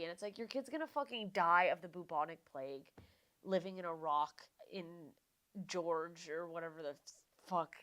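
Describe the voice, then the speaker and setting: A woman's voice: fairly low pitch, moderate pace, smooth. Profane rambling woman podcaster. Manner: profane, rambling, animated, self-deprecating. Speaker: podcast host. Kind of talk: casual solo podcast rant.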